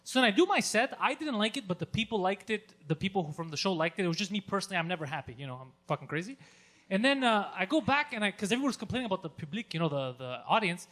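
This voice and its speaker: A man's voice: sits high, racing. A man telling a story on a podcast, swearing and acting out his own outbursts, with Greek as his first language. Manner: profane, excitable storyteller who acts out his own yelling. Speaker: podcast co-host.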